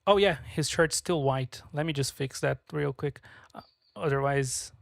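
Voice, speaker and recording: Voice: medium pitch, a little slow, gravelly, dry recording. A streamer talking casually on a live stream while working, frustrated, swearing a lot and muttering to themselves.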